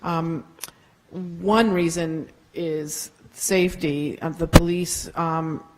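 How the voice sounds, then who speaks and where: A council member answering residents in a meeting, halting and restarting often with many fillers. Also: medium pitch, steady tone, heavy background noise.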